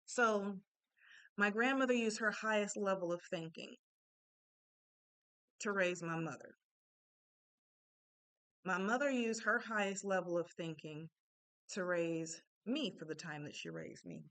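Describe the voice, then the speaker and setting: Slow-talking woman with a smooth voice. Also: medium pitch, a bit bright, dry recording. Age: 30s. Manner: conversational, often asks "right?" of listeners. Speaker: spiritual self-help speaker. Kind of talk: casual spoken reflection.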